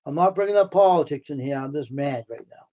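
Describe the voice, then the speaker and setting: A man hosting a casual live stream from the United States, answering his chat by name, repeating himself, worked up at times and then calming his viewers down. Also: on the high side, fast. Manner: talks back to chat, repeats himself, heated then soothing.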